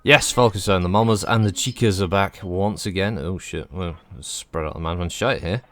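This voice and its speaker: A man's voice: sits low, moderate pace, a bit bright. A man giving casual, rambling commentary as he streams a game, swearing freely.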